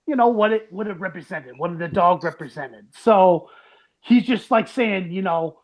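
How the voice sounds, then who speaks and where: A man co-hosting a casual movie podcast, animated and quick to laugh as he acts out scenes. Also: high-pitched, lo-fi sound. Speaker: podcast co-host.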